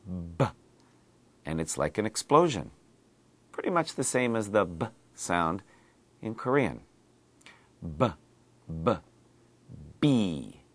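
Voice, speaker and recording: Male pronunciation coach, low voice, animated delivery, dry close sound. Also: no echo. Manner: clear, deliberate, repeats sounds and words for drilling. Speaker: pronunciation teacher. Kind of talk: slow, exaggerated pronunciation lesson.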